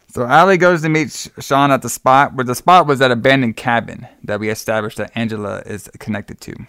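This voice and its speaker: In a clear, resonant, fairly bright mid-range voice at normal speed, a podcast co-host loosely recounts a film's plot, swearing, performing lines from the characters, and laughing. The sound is clean studio quality with no room sound.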